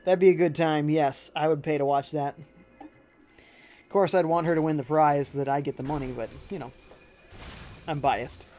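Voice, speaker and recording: A man's voice: fairly high pitch, fairly even intonation, normal speed, long pauses, dark tone, soft background music. A man casually commenting while he plays a video game live and reads chat messages aloud. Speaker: livestreaming gamer. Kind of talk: casual let's-play commentary.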